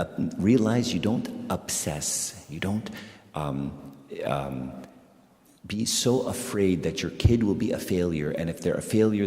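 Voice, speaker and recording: A middle-aged man preaching a sermon as a priest, conversational and animated, repeating phrases for emphasis. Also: sits low. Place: large church sanctuary. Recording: echoey church hall, long reverb.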